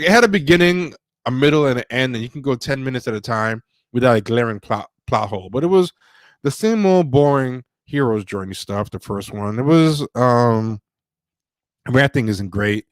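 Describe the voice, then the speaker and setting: A man hosting a casual livestream chat, rambling through his thoughts with frequent fillers and restarts. His voice sits at a middling pitch and the recording is dry and close. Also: dry recording. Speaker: podcast host. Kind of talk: casual livestream movie talk.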